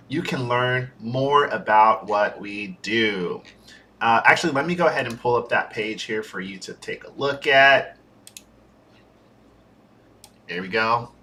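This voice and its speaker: Young male developer-streamer, bright tone, relaxed and chatty, rambles a little with ums and uhs, home setup. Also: medium pitch. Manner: chatty and easily sidetracked, with fillers. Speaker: software developer streaming a build-in-public series. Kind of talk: casual livestream talk.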